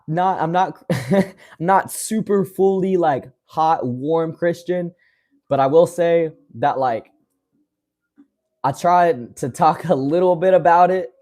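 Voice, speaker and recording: Young livestream host from West Virginia, slightly high voice, easygoing, keeps calling viewers brother. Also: male voice, darkish tone. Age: 20s. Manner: friendly, calls viewers brother, laughs often. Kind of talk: casual livestream chat reading comments.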